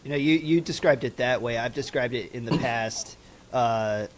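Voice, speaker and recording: Joking man telling animated anecdotes. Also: mid-range voice, normal speed. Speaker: podcast co-host. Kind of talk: casual political chat.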